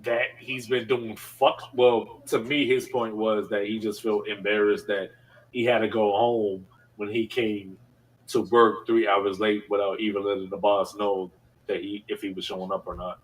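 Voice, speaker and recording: A man's voice: on the low side, level tone, moderate pace, distant mic, poor audio. A man telling a work story in casual podcast chat, laughing often and filling his talk with slang and fillers. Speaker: podcast co-host.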